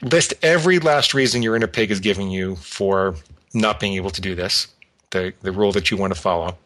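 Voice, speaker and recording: A man guest calmly explaining an exercise step by step, sometimes acting out a tempting inner voice. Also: deep voice, fairly quick. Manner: calm, explanatory, acts out an inner voice. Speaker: guest expert. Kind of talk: instructional talk.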